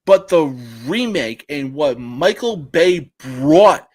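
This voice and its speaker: A man co-hosting a casual podcast with a high, very lively voice that swoops up and down. He speaks at an unhurried pace, swearing as he spins animated stories. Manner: profane, animated storyteller. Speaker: podcast co-host. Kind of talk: casual chat.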